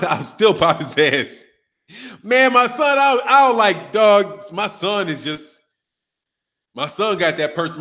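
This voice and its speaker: A man in his thirties hosting a boxing channel, talking casually and profanely, trash-talking while reading a live chat. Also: sits high. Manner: animated, profane, trash-talking, laughs often.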